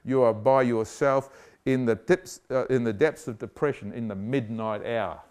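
A man preaching a lively sermon, joking and acting out voices and scenes for the congregation. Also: medium pitch, normal speed, smooth. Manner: animated, jokey, acts out voices.

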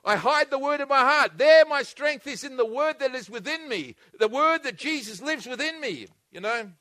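A man preaching a sermon, earnestly and repetitively, swinging between loud emphatic bursts and hushed, intimate passages. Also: very high voice, animated, normal speed, no echo, clean studio sound. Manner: repetitive, earnest, with frequent restarts.

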